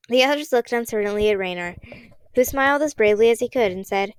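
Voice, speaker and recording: A woman narrating a children's audiobook in an expressive, dramatic reading. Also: mid-range voice, quick pace, clear, resonant tone, no room sound.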